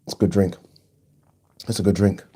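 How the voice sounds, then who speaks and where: A man hosting a casual live stream, chatting and reading viewer comments aloud in an animated way. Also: low-pitched, normal speed, slightly rough. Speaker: boxing channel host.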